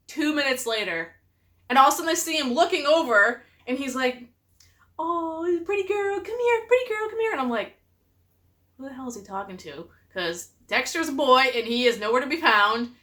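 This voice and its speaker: A young woman vlogger telling funny stories about her husband, animated and laughing often. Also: a little high. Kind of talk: casual storytelling to camera.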